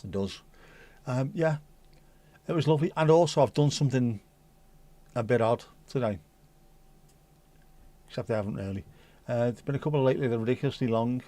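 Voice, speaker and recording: A man's voice: mid-range voice, fairly quick, pauses often, dark tone. Jokey man hosting a livestream. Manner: jokey, teasing, rambling. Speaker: livestream host. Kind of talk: casual livestream chat with viewers.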